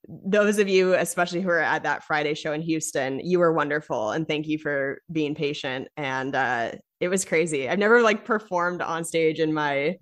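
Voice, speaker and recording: A woman's voice: low-pitched, moderate pace, few pauses. A woman comedian co-hosting a podcast, talking in a chatty, rambling way. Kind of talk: casual chat.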